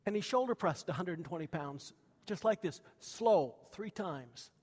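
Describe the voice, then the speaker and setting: A man's voice: high voice, lively intonation, moderate pace, a little mellow, big-room sound. A man preaching a sermon to a congregation, telling childhood stories in a folksy way with many fillers and questions to the room. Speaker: pastor.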